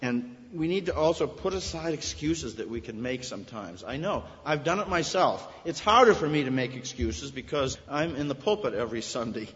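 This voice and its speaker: A man's voice: mid-range voice, lively intonation, normal speed, few pauses, a bit bright. A male pastor preaching an earnest, storytelling sermon in a church, rising to emphatic peaks. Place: church sanctuary. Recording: echoey hall, dull sound.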